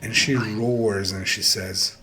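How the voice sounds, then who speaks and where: Slow, low-voiced male game master. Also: steady tone, noisy background. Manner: halting, repeats words, vivid description. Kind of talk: narrating a tabletop game.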